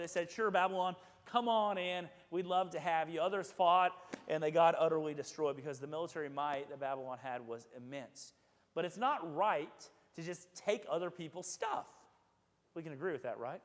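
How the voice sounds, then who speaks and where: A man preaching a casual sermon as pastor, chatty and joking, acting out quoted voices. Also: fairly high pitch. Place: church sanctuary. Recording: echoey church sanctuary with long reverb.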